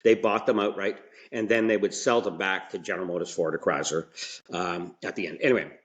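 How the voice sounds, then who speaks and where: A man's voice: low-pitched, steady tone, brisk, lo-fi sound. A man telling stories as a podcast guest in a colloquial, rambling way, with frequent restarts and asides. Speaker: podcast guest, mechanic and franchise owner. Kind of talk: casual interview storytelling.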